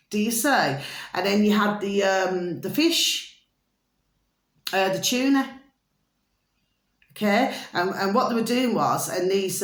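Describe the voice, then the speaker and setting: A woman vlogger in a rambling, casual monologue, meandering with fillers and restarts and fondly calling her viewers her little babies. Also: mid-range voice. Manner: keeps calling viewers "my delicious little babies", asks "do you see?". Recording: echoey room.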